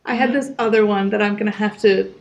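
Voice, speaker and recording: A woman's voice: mid-range voice, fast talker, gravelly. A young woman co-hosting a casual podcast, animatedly telling a story from her job and quoting the people involved. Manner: animated storytelling with quoted dialogue. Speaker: podcast co-host. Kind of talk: casual chat.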